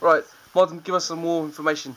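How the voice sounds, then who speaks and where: A man's voice: fairly high pitch, quick pace, a crowd in the background, poor audio. A man hosting a casual board game night, explaining the rules loosely with fillers and frequent laughs, around a game table. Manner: laughs often, relaxed rundown with fillers.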